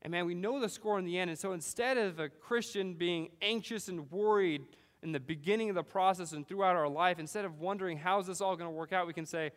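A man from California preaching a sermon, animated storytelling with frequent "right?" asides. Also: sits high, fairly quick, big-room sound. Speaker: pastor.

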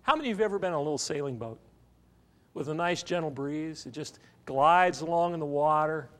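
A man's voice: on the high side, brisk, a bit bright. A man preaching a sermon, telling a story and asking the congregation questions. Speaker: pastor.

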